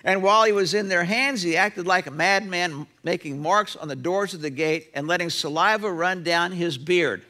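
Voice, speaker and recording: A middle-aged man preaching a sermon as pastor in a church, lively and often acting out the voices of people in the stories he tells. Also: sits high, normal speed, few pauses. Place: church sanctuary.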